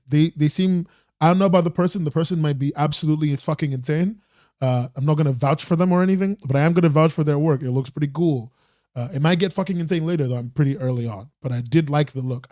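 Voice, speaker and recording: A man's voice: on the high side, warm tone, no room sound, studio quality. A man hosting a casual livestreamed news roundup podcast, rambling and restarting, swearing casually. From not American. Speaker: podcast host.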